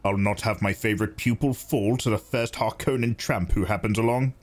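A man doing a gruff veteran weapons master. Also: on the low side, steady tone, brisk, lightly acted. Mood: stern. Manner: blunt, lecturing.

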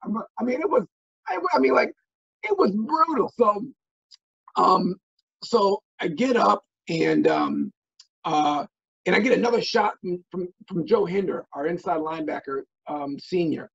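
A middle-aged man from Minnesota telling stories as an interview guest, animated and full of restarts and fillers. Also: high-pitched, unhurried, vocal fry, slightly rough. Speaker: guest, former football player. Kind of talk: casual interview storytelling. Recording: dull lo-fi audio.

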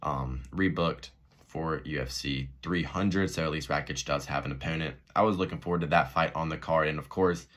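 Low-voiced man ranting bluntly, bright tone. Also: normal speed. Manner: blunt, profane, animated ranting. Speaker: MMA commentary vlogger. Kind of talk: casual rant to camera.

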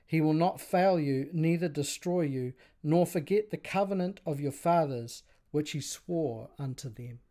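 Mellow-voiced man reading a story aloud. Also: a little high. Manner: measured reading of a story, voices quoted lines quietly. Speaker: spiritual leader teaching. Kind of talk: religious lecture with read-aloud story.

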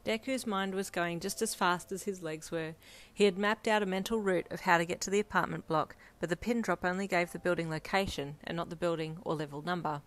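A woman narrating her own fanfiction in a steady, gentle storytelling voice. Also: on the low side, fairly quick, few pauses. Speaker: fanfiction reader. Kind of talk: scripted narration.

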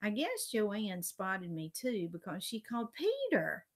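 A woman reading a children's chapter book aloud, expressive and sometimes dropping to a hush. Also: medium pitch, measured pace. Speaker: reader.

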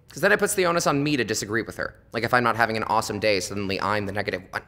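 A young man, an acting student, delivering a theatrical monologue with wry, deadpan storytelling that swings suddenly in emotion. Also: lowish voice, quick pace, hardly any pauses. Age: young adult.

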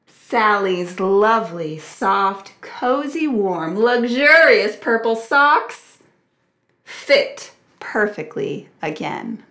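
A woman reading a picture book aloud to preschoolers as a children's librarian, expressive and asking the children questions. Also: medium pitch, drawn-out words, roomy sound.

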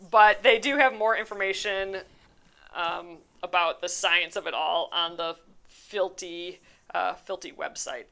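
A woman's voice: medium pitch, a bit bright. Chatty woman hosting a live craft stream. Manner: chatty and rambling, many fillers and restarts, laughs easily. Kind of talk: casual live crafting chat, answering viewer comments.

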